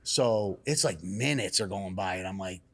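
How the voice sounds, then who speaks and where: A man, a salon owner, telling a story in casual chat, animated and cursing freely. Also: low-pitched, normal speed. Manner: animated, acts out quotes in raised excited voices. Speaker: salon and barbershop owner, guest.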